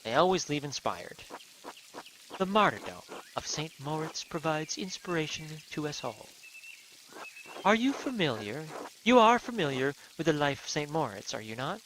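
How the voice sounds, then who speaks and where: A man voicing a pious monk who speaks slowly and solemnly. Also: on the high side, very animated, noisy background, pitched above the performer's own voice. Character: solemn pious monk, quietly proud of his duties.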